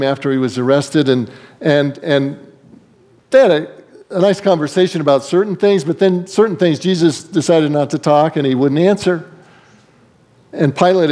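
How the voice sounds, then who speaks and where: Pastor preaching with rhetorical questions. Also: male voice, fairly high pitch, warm tone. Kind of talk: sermon.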